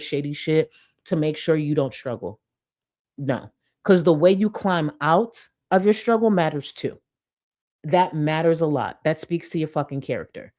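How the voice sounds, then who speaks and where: A woman YouTuber giving blunt, profane casual commentary who sometimes bursts into excited shouting. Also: low voice, normal speed.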